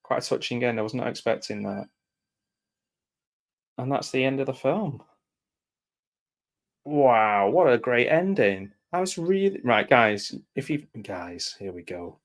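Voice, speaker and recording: A man giving casual live commentary over a film, reacting aloud and often dropping into quiet mumbled asides. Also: mid-range voice, lively intonation, slow pace, pauses often.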